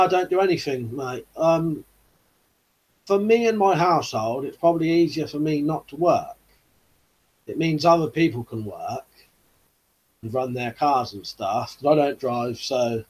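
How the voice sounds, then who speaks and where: A man hosts a relaxed live chat in a husky, mid-pitched voice. He rambles along easily, trailing off and dropping 'you know' between thoughts. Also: rough recording. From United Kingdom. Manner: rambling, easygoing, full of fillers like 'you know'. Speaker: YouTube channel host. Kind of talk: casual live-stream chat, reading out viewer comments.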